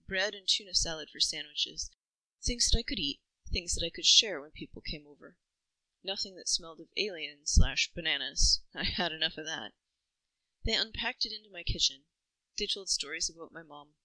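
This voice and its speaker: A woman reading a first-person story in an even, reflective way, close to the mic. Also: deep voice, moderate pace, no room sound, low-quality recording. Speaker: narrator.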